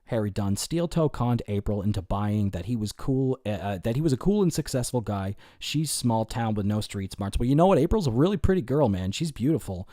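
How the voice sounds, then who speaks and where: A man's voice: fairly low pitch, animated, a little fast, few pauses, dark tone, dry recording, studio quality. A man hosting a casual livestream, answering his chat in a rambling, profane way, full of fillers and restarts. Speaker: livestream host.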